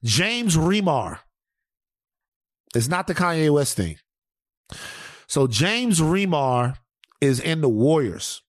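Male podcast host, animated profane storyteller, dry sound. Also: fairly high pitch, slow, pauses often, no echo. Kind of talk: casual chat.

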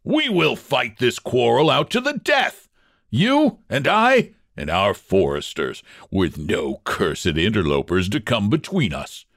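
A man reading aloud and voicing a trapped poacher who taunts his enemy with savage, high-pitched shouts. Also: sing-song, normal speed, vocal fry, hardly any pauses, no echo, studio quality, heavily acted.

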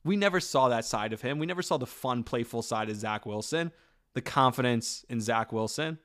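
A man hosting a podcast, talking about football in an animated, opinionated way with quick asides and restarts. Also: medium pitch. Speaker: podcast host. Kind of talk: casual sports talk.

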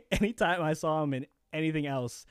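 A man's voice: on the high side, normal speed, clear, resonant tone, dry recording. A man co-hosting a podcast in casual chat, rambling with frequent restarts. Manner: rambling, restarts often, laughs. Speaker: podcast co-host.

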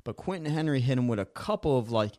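A male co-host with a mid-pitched voice jokes in relaxed banter. He sounds close and dry, with no room sound around him. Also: fast, dry recording. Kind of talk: casual studio chat. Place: studio.

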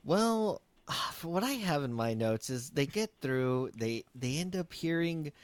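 A man chatting about a film in a loose, joking manner, often sighing or trailing off mid-thought. His voice swings widely up and down in pitch, and it is recorded dry, with no room sound. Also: lively intonation, a little slow, clean tone, no echo. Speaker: podcast co-host. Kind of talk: casual movie recap chat.

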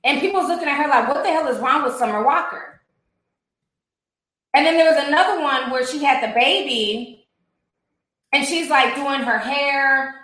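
A woman doing casual commentary on a viral clip, animated, gossipy and laughing, with plenty of profanity. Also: sits high, moderate pace, long pauses, heavy reverb, rough recording. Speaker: commentary vlogger.

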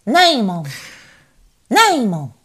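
A woman's voice: a little high, wildly swooping pitch, extremely slow, fairly bright tone, breathy edge, heavily acted. Gal doing a pushy southern society lady, clipped and repeating herself, big swoops. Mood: insistent. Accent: put-on Southern American. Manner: clipped, insistent repetition.

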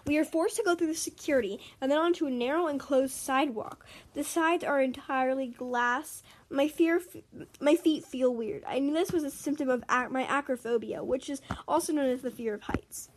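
A woman reading her own made-up story aloud, earnest and expressive, with small stumbles. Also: high voice, moderate pace.

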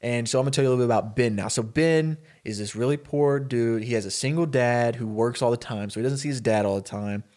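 A man in a casual podcast chat, spinning a story for his co-host. He slips into the characters' lines with quick, animated bursts, then drops back to his plain middle-pitched voice.

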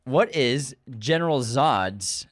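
A male podcast co-host who teases his partner and asks quiz questions in relaxed, casual chat. His voice moves up and down in a lively way. The recording is dry and close. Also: medium pitch, slow pace, no echo. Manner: teasing, quizzing.

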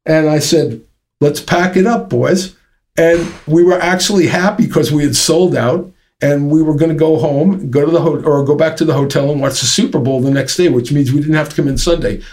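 Male interview guest, fairly high voice, rambling storyteller full of fillers. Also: a little fast, a little mellow. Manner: rambling anecdote with lots of fillers and restarts. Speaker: interview guest, drum company founder. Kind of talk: casual storytelling.

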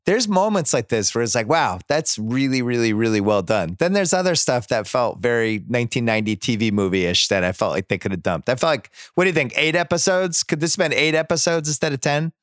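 A man of middle pitch recaps a TV show in relaxed, lively chat. He leans into the story and slips into brief impressions of the characters. His voice sits close and dry, with no room around it. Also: no echo. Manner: animated retelling, acts out scenes in quick voices. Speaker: podcast host.

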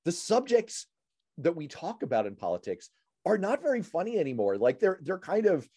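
A man hosting a radio talk show and podcast, animated and jokey, introducing and interviewing a guest. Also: fairly high pitch, no room sound. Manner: animated, jokey, quick asides. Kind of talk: casual interview chat.

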